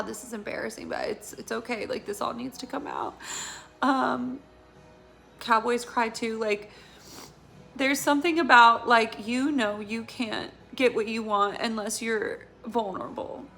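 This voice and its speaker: Bright-voiced woman giving an emotional tarot reading. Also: a little high, steady tone, unhurried, gravelly, long pauses, faint music behind. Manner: rambling, filler-heavy, emotional and earnest. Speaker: tarot reader. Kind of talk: casual intuitive tarot reading.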